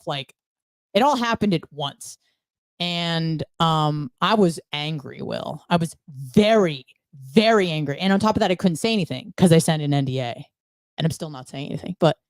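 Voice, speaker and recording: A woman's voice: deep voice, no room sound. A woman guest on a podcast, telling her story bluntly with frequent swearing. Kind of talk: candid conversational storytelling.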